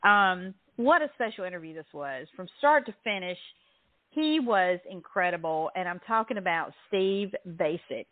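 A woman's voice: fairly low pitch, expressive, moderate pace, no room sound. Southern lady cohosting a radio chat, giggly, restarts a lot, tinny phone sound, dry. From Southern United States. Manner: bubbly, laughing, talks in restarts. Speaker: radio co-host.

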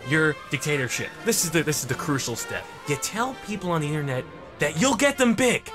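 A man giving comedic gameplay commentary, excitable and mock-serious with crude jokes. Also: a little high, a little fast. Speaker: gaming commentator. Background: background music.

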